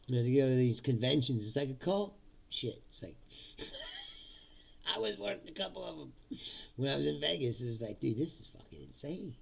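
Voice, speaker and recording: A man's voice: mid-range voice, lively intonation, brisk, vocal fry, long pauses, a little mellow, slightly rough, lo-fi sound. A man hosting a comedic political talk show, ranting casually, swearing and laughing often between lines. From United States. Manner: laughs often, swears, acts out voices of others. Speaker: host.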